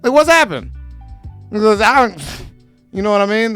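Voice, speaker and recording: A man's voice: high-pitched, big pitch swings, moderate pace, a bit bright, smooth, soft background music. A man hosting his own show, ranting animatedly to camera in a profane, comedic way and slipping into mocking voices. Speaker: show host.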